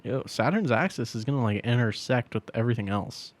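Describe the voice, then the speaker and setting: A man's voice: mid-range voice, lively intonation, a little fast. Dry-joking man on a podcast. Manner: dry, teasing, swearing. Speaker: podcast co-host. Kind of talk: casual chat.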